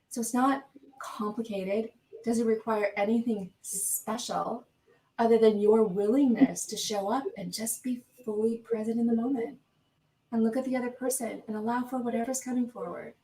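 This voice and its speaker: A woman coach guesting on an interview over a video call, speaking in a calm, measured and earnest way. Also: medium pitch, reverberant, far from the mic, poor audio. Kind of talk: interview talk.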